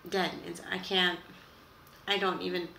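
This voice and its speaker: A young woman chats through a reaction video, exasperated and dramatic, trailing off mid-sentence. Her voice is bright with a gravelly fry. The room is echoey with a faint hiss behind her. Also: fairly low pitch, level tone, unhurried. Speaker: reaction vlogger. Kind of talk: casual reaction chat to camera.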